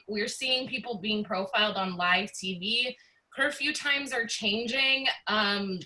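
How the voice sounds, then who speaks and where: Upset public commenter, female, bright tense tone, hesitant delivery. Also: mid-range voice, rough recording. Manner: earnest, upset, many fillers.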